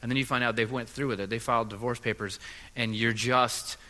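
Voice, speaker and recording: A man preaching a sermon as a pastor, earnest and halting, often repeating his words. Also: medium pitch, fairly even intonation, pushed and bright. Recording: long reverb of a large hall.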